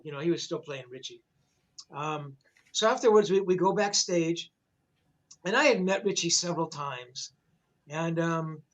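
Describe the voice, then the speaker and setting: Older guy telling a rock story, swears a lot, rambles with lots of ums, voice a bit higher than most men. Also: poor audio. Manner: rambling, profane, many fillers and restarts. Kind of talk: casual storytelling on a livestream.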